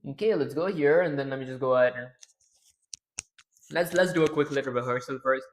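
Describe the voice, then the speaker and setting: A man chatting casually on a livestream, rambling, mocking himself and often clearing his throat. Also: mid-range voice, brisk. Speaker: streamer.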